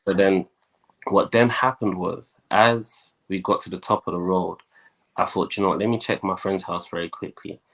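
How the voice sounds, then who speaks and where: A young man with a very low voice tells his own story as a guest. He talks in a lively way and slips into the voices of the people he quotes. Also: moderate pace. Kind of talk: telling his life story.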